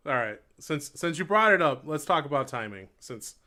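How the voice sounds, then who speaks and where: His voice is a little high, bright and forceful, with big pitch swings and a moderate pace. The man streams his instrument practice live, chatting and rambling with viewers, laughing at himself, and counting beats aloud mid-play against a faint hurdy-gurdy drone.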